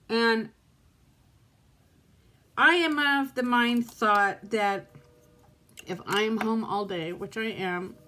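A woman talks to her camera at home in a loose, rambling way. She sounds frustrated and close to tears, and her voice sits a little high. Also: fairly bright tone. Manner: frustrated, rambling, self-talk. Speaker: vlogger. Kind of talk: casual chat to camera.

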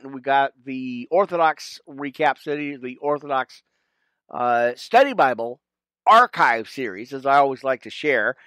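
Male podcast preacher, slightly high voice, heartfelt prayer and scripture reading, dry close mic. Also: no echo. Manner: emotional, animated, addresses listeners as friends. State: choked up. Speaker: podcast Bible study host. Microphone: wired mic with cable under shirt.

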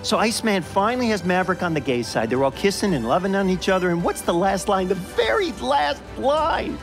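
A crude, excitable young film nerd, as a man puts him on, ranting and swearing as he talks. The voice sits a touch high for a man, with faint music underneath. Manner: fast, profane, animated rant. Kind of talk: audio drama acting.

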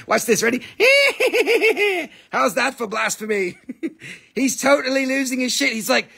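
Playful, profane live-sale host; man with a high, gravelly voice and broken English. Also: sing-song, moderate pace, bright, forceful tone. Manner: non-native, broken English. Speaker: host and rock seller. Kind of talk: live sales stream.

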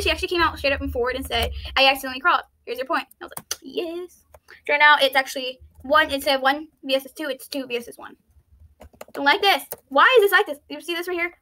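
Excitable high-voiced woman gamer. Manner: excitable, chatty, repeats pleading "no, no, no" and "please"; thinks aloud, with frequent "let's see" and "I don't understand". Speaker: YouTuber playing an online game. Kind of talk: casual gameplay commentary.

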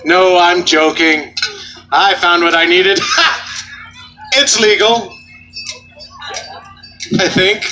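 High-voiced joking street juggler man. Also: fairly even intonation, very slow, pauses often, background noise. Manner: joking, loud crowd-work banter. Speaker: street juggler performing for a crowd. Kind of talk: comedic stage patter. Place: outdoor festival.

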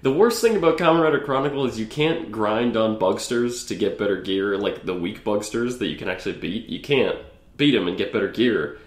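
A man's voice: on the low side, expressive, a little fast, roomy sound. A man co-hosting a casual podcast, recapping an episode in a rambling, profane way. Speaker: podcast co-host. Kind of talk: casual chat.

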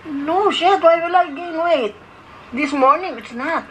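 A woman's voice: high voice, measured pace, crowd noise, low-quality recording. An older woman with a Filipino accent, a mother in a family vlog, joking in broken English and laughing often. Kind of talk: casual family banter.

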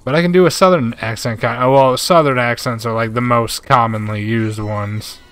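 A man's voice: medium pitch, steady tone, moderate pace, a bit bright, smooth. Laid-back young male streamer saying bro. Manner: laid-back, chatty, says "bro" a lot. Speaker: gaming streamer. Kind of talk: live gameplay commentary reading chat.

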